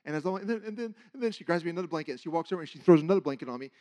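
A man preaching, telling a personal testimony in an animated, halting way, with many restarts and sudden drops to a hush. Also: fairly high pitch. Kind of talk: sermon testimony storytelling.

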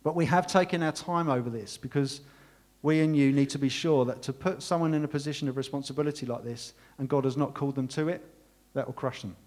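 A man's voice: medium pitch, fast. A man preaching a sermon as pastor, earnestly thanking his congregation and leading a closing prayer. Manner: earnest, warm, emotional thanks.

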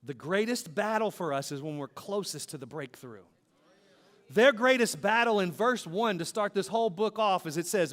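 A man's voice: high voice, expressive, normal speed. A man preaching a sermon as pastor, in a rhythmic style with repeated phrases that build to emphatic peaks. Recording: long hall reverb.

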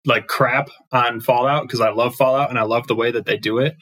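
A man's voice: mid-range voice, steady tone, brisk, fairly bright tone, no echo. A man chatting casually on a podcast, hesitant, often trailing off with "I don't know".

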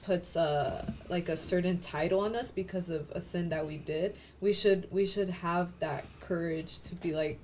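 A woman's voice: on the low side, steady tone, moderate pace, few pauses, darkish tone, a little hiss or hum. A woman in a group Bible study sharing her thoughts hesitantly, with many fillers. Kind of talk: casual group discussion.

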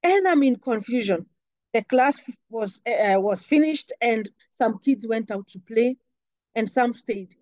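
A woman's voice: fairly high pitch, lively intonation, measured pace, a little mellow, dry recording, low-quality recording. A young woman earnestly recounting a painful personal memory in an interview. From Kenya. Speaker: interview guest. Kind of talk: personal storytelling.

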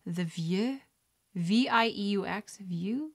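A woman's voice: mid-range voice, slow, creaky. A woman vlogger chatting casually while playing a trivia card game, reading questions aloud, muttering guesses and laughing. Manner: chatty and excitable, squeals and laughs at right answers.

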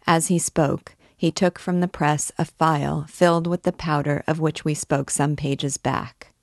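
A woman reading a classic novel aloud in a measured, deliberate way, as a teacher guiding listeners through the book. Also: deep voice, steady tone, dry recording, clean studio sound.

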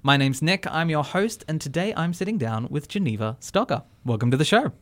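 A man hosting a community radio interview in a studio, relaxed and encouraging with short replies. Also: a little high, fairly quick. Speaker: radio host.

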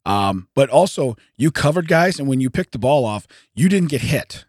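A hoarse man co-hosting a podcast, telling a story in casual chat, laughing often and acting out the people he quotes. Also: mid-range voice, very animated, moderate pace, no room sound, clean studio sound. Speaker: podcast co-host. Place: podcast studio.

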